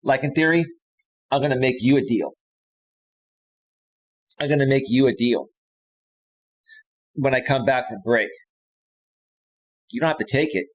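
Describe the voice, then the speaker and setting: A man in his thirties, a life coach hosting a live stream, delivers a combative, heated rant, hammering the same phrases over and over. His ordinary mid-pitched voice comes through close on a clean studio microphone with a limiter, and he speaks a little slowly with long pauses.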